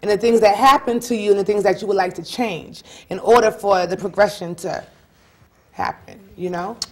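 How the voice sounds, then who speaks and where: A woman's voice: mid-range voice, normal speed, darkish tone. Woman hosting a casual talk show. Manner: encouraging, asks questions, repeats herself.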